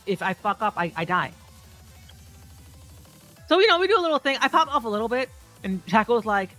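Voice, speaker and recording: A woman giving excitable, profane commentary over footage of her own fighting game matches and talking straight to viewers. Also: fairly high pitch, brisk, long pauses. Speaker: competitive fighting game player. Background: faint background music.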